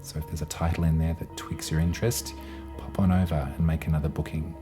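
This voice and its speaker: A man giving a gentle, meandering tarot and astrology reading to his viewers. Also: rumbling low, flat delivery, quick pace, music in the background. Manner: gentle, meandering, with frequent fillers. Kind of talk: casual tarot reading to camera.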